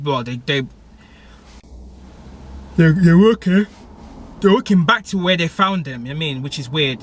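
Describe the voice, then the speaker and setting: Young man, casual slangy recap, rambling, bright forceful voice, fairly high. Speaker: TV episode reviewer.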